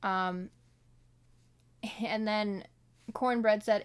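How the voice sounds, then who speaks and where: Reading casually from her notes, a woman vlogger gives a solo review of a film in a medium-pitched voice at a measured pace. Her commentary rambles, packed with fillers and side remarks, and she adopts playful accents when quoting.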